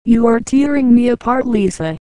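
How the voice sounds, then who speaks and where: A woman's voice: fairly high pitch, lively intonation, normal speed, mellow, no echo, natural voice. A woman reading an audiobook, voicing an intense, emotional man who pleads and bursts out at his fiancée. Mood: anguished. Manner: emotional, pleading, with sudden outbursts.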